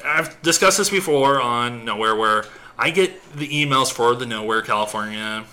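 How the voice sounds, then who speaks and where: A man's voice: medium pitch, lively intonation, normal speed, bright, forceful tone. A man hosting a podcast, chatting casually and teasing, laughing often. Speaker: podcast host. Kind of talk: casual comedic banter.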